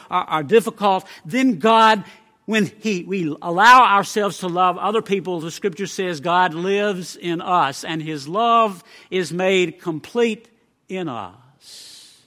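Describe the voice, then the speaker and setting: A male preacher delivers a sermon in an emphatic way, pausing between phrases. His voice is high and bright, and he takes his time. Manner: emphatic, with measured pauses.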